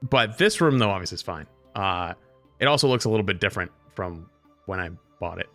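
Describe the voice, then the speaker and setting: A man streaming live, chatting casually with his viewers and telling stories in an animated way, jumping into other people's voices. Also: deep voice, a little fast, faint music behind.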